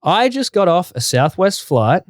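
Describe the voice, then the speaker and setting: A man's voice: high-pitched, big pitch swings, a little slow, no room sound. Man retelling a story, dry and close. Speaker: co-host. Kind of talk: casual chat reading listener stories.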